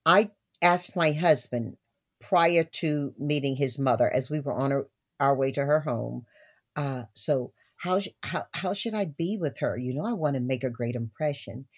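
An older woman from the American South, a guest telling family stories in an expressive, laughing way. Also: a bass voice, moderate pace, husky. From Southern United States. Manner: expressive, laughing storyteller, warm asides. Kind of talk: storytelling interview talk.

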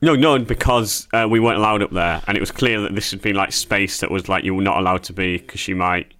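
A man's voice: deep voice, fast talker, a bit bright. A man co-hosting a comedy podcast, telling anecdotes in a teasing, chuckly way. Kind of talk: casual joking chat.

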